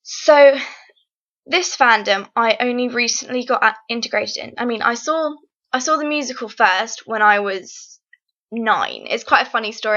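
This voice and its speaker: A woman's voice: high voice, a bit bright. A teenage girl, chatting casually in a vlog, rambling with lots of ums and restarts. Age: teens. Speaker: vlogger. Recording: dull lo-fi webcam sound.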